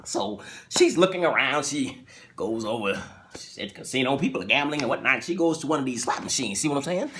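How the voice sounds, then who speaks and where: A man casually retelling a TV episode in a chatty, animated way, laughing often, recorded on a phone. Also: mid-range voice, fairly quick, background noise.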